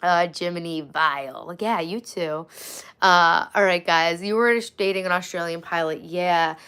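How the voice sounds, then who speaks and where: A woman's voice: lowish voice, a little slow, fairly bright tone, smooth. Woman, forties, casual livestream host, chatty and friendly with viewers, home setup. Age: 40s. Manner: chatty, thanks viewers by name.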